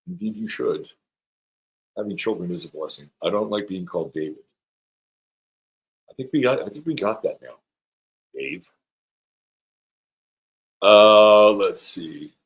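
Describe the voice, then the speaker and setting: Middle-aged male astrologer host, a bit low-pitched, loose and joking as he reads out chat comments. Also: lively intonation, unhurried, pauses often, low-quality recording. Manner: rambling, playful, reads viewer comments aloud. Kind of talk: live-stream chat with viewers.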